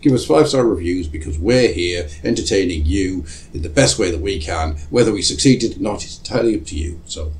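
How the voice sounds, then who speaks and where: A man's voice: low-pitched, lively intonation, a little fast, few pauses, a little mellow, low-quality recording. A man hosting a podcast in a casual, jokey, self-mocking way and swearing freely. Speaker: podcast host.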